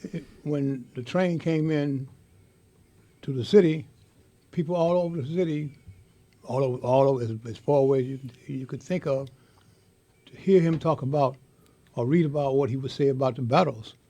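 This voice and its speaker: An older man telling a heartfelt story in an interview, speaking with impassioned, halting repetition. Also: mid-range voice, warm tone. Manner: impassioned, halting, repeats words. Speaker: interviewee, veteran.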